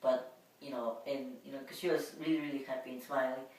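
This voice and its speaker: A woman's voice: a bass voice, steady tone, brisk, a little mellow, distant mic. Rambling woman in a very echoey room. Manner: rambling, full of "you know" fillers. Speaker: vlogger. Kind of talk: casual storytelling vlog. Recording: very echoey room, voice away from mic, faint hum.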